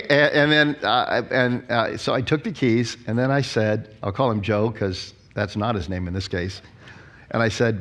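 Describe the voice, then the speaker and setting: A man's voice: mid-range voice, moderate pace. A man in his sixties, a pastor giving a conference talk, who tells stories and acts out the quotes. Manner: storytelling, animated, acts out quotes.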